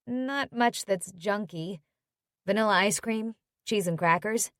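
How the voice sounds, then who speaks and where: A caring, supportive woman, read by a woman narrator, gentle and reassuring. She speaks slowly in a slightly lowered voice. The recording is dry and close. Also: no echo.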